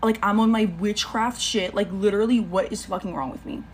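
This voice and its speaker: A woman's voice: mid-range voice, fairly even intonation, a little fast, slight background noise. Profane, self-mocking young woman storyteller. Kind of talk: casual storytime vlog.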